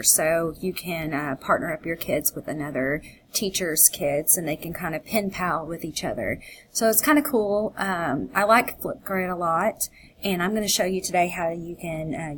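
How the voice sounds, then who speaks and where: A chatty woman teacher walks through a screen recording, thinking aloud as she clicks. Her voice sits a little low for a woman, and faint hiss runs under it. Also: rough recording. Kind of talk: screencast tutorial.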